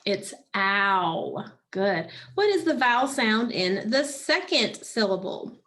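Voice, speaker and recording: Woman teacher, slightly high voice, slow and patient, leading a phonics drill. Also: sing-song, fairly bright tone. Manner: slow, patient prompting with pauses for answers. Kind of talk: phonics lesson to children.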